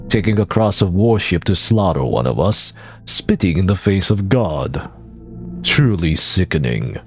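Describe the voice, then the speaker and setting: A man voicing a stern, devout nun with an imitated Southern US accent, speaking slowly and gravely. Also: deep voice, sing-song, soft background music, full character voice.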